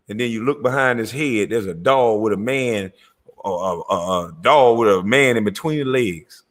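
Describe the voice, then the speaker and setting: A man's voice: lowish voice, normal speed. A man giving profane, incredulous reaction commentary on a clip he is watching.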